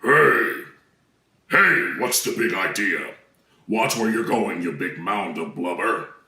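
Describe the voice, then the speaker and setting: A man playing an indignant puppet character, huffy and exclamatory, lively swooping pitch, bright edge, roomy sound from a distance. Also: takes it slowly, exaggerated voice. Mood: gruff.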